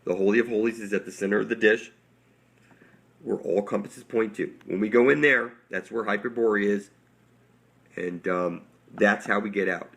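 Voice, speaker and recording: Man, gravelly fry in the voice, rambling monologue, intense and preachy, profane. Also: fairly low pitch, steady tone, normal speed, a bit bright. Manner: intense, preachy, profane, addresses viewers as "people". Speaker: online conspiracy speaker.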